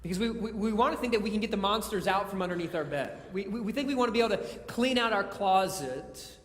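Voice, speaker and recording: A man's voice: sits high, quick pace. A man preaching a conversational sermon in a church, mixing jokes with scripture and often stumbling and repeating words. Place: church sanctuary. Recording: echoey church hall.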